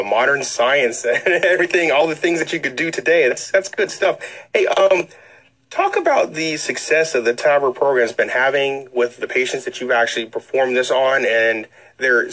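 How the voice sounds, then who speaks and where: A man's voice: mid-range voice, moderate pace, fairly bright tone, rough recording. A man hosting a radio interview, asking questions in an upbeat, chatty way. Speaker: radio host.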